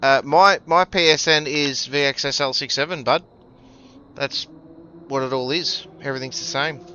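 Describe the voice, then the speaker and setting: A man's voice: mid-range voice, fairly even intonation, normal speed, sharp tone, dull audio, slight background noise. A man chatting casually with viewers while he streams a racing game. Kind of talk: casual live-stream chat. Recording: game music underneath. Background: racing game music and car engines.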